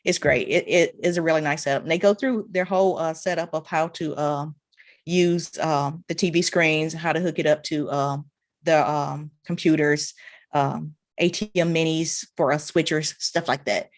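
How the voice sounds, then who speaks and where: Woman hosting a video call interview, lowish voice, lots of ums, dry close sound. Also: steady tone, moderate pace, no echo. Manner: hesitant, many ums and uhs, says wow often. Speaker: interview host. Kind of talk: casual interview chat.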